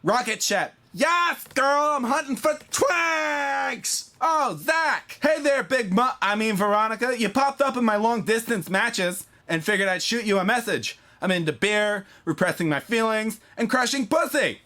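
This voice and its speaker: A man's voice: lively intonation, moderate pace, hardly any pauses, bright, forceful tone. A man voicing a brash, crude young woman who boasts while hunting for boyfriends online. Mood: giddy. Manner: crude, boastful, shrill and mocking. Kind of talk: comedy sketch character.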